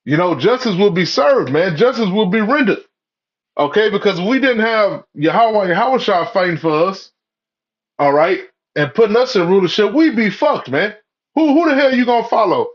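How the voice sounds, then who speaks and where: Man, preachy rant, rambling, profane, constant fillers, fairly high pitch, dull lo-fi sound. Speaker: religious commentator. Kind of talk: ranting preachy monologue. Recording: dull lo-fi audio.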